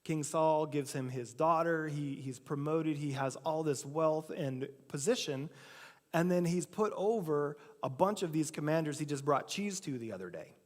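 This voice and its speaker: Speaking at a normal pace, this male pastor has a fairly high, lively voice as he delivers a sermon in a church sanctuary. He tells the story in a relaxed way, acting out each quote on his own, and the hall adds a long reverb.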